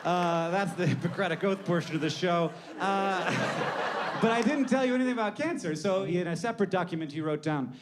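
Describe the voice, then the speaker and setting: High-voiced man with rambling jokes. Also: a little fast. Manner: rambling, wry, profane. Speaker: comedian. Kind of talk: comedic monologue. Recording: noisy recording.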